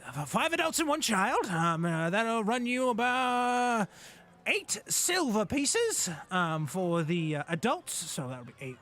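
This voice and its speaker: A man's voice: sits high, very animated, fairly bright tone, pitched above the performer's own voice, exaggerated voice. A man voicing a half-blind, fussy elderly goblin ticket seller who halts and stammers through his words. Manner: halting, flustered, many ums.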